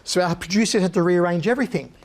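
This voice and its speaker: High-voiced man telling stories. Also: fast. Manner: animated anecdote-telling, punchy. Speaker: guest. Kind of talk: casual storytelling interview.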